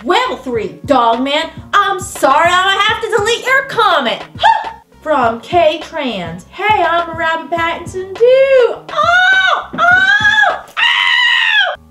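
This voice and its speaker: Brash Southern US woman vlogger played by an actress, sassy and touchy, high voice, comedy sketch. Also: big pitch swings, slow, few pauses, roomy sound, over music, exaggerated voice. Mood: huffy. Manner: sassy and indignant, high-pitched outbursts. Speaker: vlogger answering comments.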